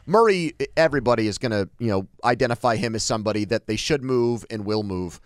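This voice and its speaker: A man trading opinions on a sports talk show, often restarting his sentences as he argues. His voice sits in an ordinary middle pitch. It is recorded dry and close, with no room sound. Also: animated, fast, no room sound. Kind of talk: casual sports debate.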